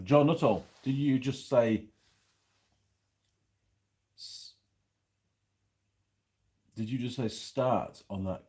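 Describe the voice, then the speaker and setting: Lively chatty middle-aged man. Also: mid-range voice. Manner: chatty, rambling, reads out viewer comments while eating. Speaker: channel host reviewing pies. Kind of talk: casual live-chat vlog.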